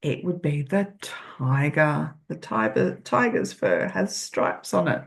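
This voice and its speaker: An older woman reading a children's picture book aloud, gently asking the listener questions. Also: low-pitched, slow pace, creaky.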